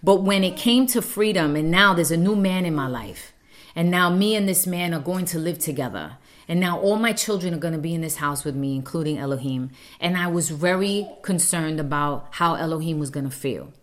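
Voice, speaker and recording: A woman's voice: lowish voice, animated, brisk. A woman earnestly telling a heartfelt personal story about her family as a mother.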